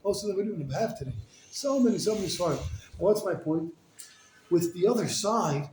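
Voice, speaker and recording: A rabbi telling stories in a sermon, animated and casual, full of "like" and "you know.". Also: male voice, high-pitched, fairly quick. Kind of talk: storytelling sermon. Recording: echoey room with faint noise.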